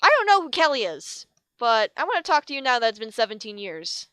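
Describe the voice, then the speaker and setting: A woman's voice: fairly high pitch, sing-song, brisk, a bit bright, clean tone, no room sound, clean studio sound. A woman giving a comic reading of fan fiction, with sarcastic, mock-exasperated asides and tripped words. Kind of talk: comedic dramatic reading with asides.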